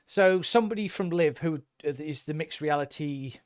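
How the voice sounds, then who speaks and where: A man's voice: fairly high pitch, moderate pace, no room sound, studio quality. A man co-hosting a casual podcast, talking with eager enthusiasm and rambling through restarts. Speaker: podcast co-host.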